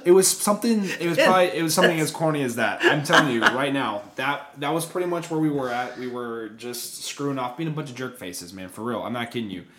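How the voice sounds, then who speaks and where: A man's voice: mid-range voice, expressive, fast talker, hardly any pauses, crowd noise. A young man co-hosting a podcast, telling a story in loose casual chat, full of fillers and restarts. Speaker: podcast co-host.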